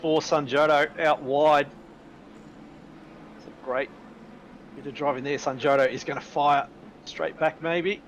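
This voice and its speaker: A man calling the play-by-play of an online sim race in a lively way. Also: a little high, measured pace, pauses often, slight background noise. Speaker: race commentator.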